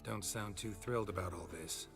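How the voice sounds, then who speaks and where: An actor playing a gruff veteran monster hunter in video game dialogue, speaking in short, terse lines. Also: male voice, moderate pace, over music. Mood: dry. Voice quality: deep, terse.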